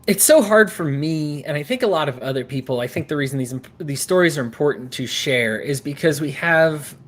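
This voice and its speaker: A man's voice: a little high, expressive, brisk. Earnest, rambling male podcast host. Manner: earnest, rambling, often acts out quotes. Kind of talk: interview hosting.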